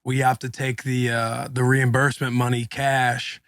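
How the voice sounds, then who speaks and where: A man's voice: mid-range voice, flat delivery, moderate pace, fairly bright tone, smooth, dry recording. A man in his thirties co-hosting a podcast, telling a story in casual, slangy chat and acting out quotes. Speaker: podcast co-host, former NFL linebacker.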